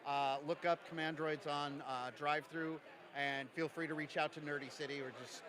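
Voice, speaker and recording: A man from Jersey City, a game designer, joking quickly through a casual convention interview. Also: a little high, little pitch movement, crowd noise. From Jersey City, USA. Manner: jokey, quick, self-mocking. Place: convention lounge.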